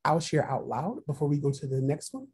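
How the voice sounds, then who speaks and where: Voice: mid-range voice, very animated, fairly quick, darkish tone, slightly rough. A workshop trainer leading an online training session, posing reflective questions, repeating them, and reading out participants' chat replies over a video call. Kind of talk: online training webinar facilitation.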